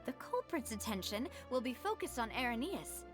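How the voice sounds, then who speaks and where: A woman's voice: fairly high pitch, very animated, normal speed. A woman voicing a confident, upbeat young woman leading an investigation in a video game. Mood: determined. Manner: determined, cheerful. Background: game music.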